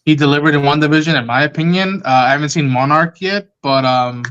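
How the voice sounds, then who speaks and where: A man's voice: a little high, fast talker, a bit bright, clean tone, dull audio. A man, the host of a fan stream, chatting casually and at length about an upcoming film, full of ums and restarts. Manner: rambling, many ums and restarts. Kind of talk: casual live-stream chat.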